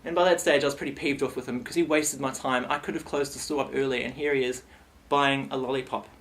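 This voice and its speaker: A man's voice: medium pitch, quick pace. A young man telling a silly comic story in a vlog, rambling and playful. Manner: rambling, playful, animated retelling. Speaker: vlogger.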